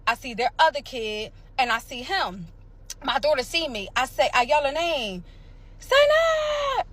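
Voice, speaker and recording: A woman from Pennsylvania telling her own story in a casual vlog, emphatic and animated, repeating phrases and acting out sounds. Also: high-pitched, normal speed. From Pennsylvania, USA.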